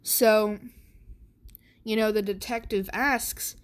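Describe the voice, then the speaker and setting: A woman's voice: mid-range voice, fairly even intonation, takes it slowly, smooth. A woman casually narrating a fan story, rambling with many fillers and restarts.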